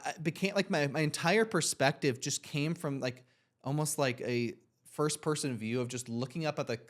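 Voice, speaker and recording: A young man co-hosting a podcast, telling a long personal story in a rambling, earnest, reflective way with many "like"s. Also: mid-range voice. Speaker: podcast co-host. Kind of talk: casual storytelling.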